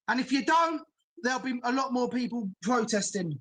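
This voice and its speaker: A man's voice: very high-pitched, expressive, moderate pace, pushed and bright, rough recording. A man calling in to a live show, angrily venting and swearing. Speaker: caller. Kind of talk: angry rant on a call-in show.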